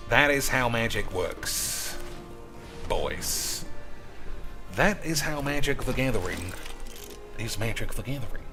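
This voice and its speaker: Rowdy man, lively sing-song delivery. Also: unhurried, creaky, soft background music. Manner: rowdy, crude, keeps calling out to "boys"; swings into loud high outbursts. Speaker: streamer. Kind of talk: casual gaming commentary.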